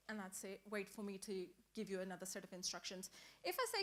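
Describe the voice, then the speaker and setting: A woman teacher leading a training workshop, talking lively and acting out short example dialogues for the group. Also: mid-range voice, quick pace. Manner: animated, acts out example dialogues. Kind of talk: workshop presentation.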